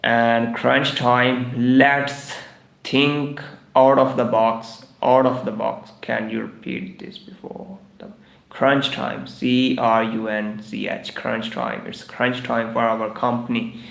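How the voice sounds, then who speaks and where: A man's voice: mid-range voice, flat delivery, slow, vocal fry, fairly bright tone, echoey room. A man teaching English idioms on a live stream, repeating each phrase several times in broken English. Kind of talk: livestreamed English idiom lesson. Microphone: live stream microphone.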